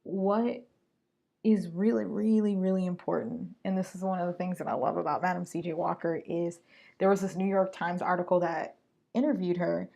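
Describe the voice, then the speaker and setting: A woman hosting a solo podcast, talking straight to her listeners in an animated, slangy way. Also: on the low side, gravelly. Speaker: podcast host.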